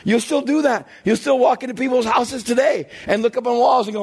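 Man, pastor, husky voice, lively swooping pitch, joking sermon delivery. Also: fairly quick, few pauses. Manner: animated storytelling, acts out characters, frequent shouting and laughter. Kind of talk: comedic sermon. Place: church.

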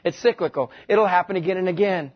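A man's voice: sits high, quick pace. A man from West Texas preaching a sermon, telling a story about his own marriage with self-mocking humor. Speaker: pastor. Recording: dull lo-fi recording.

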